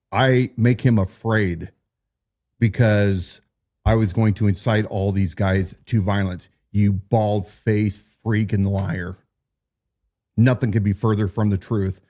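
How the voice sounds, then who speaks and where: A man's voice: on the low side, darkish tone. A man hosting a political talk show, commenting in an indignant, emphatic way.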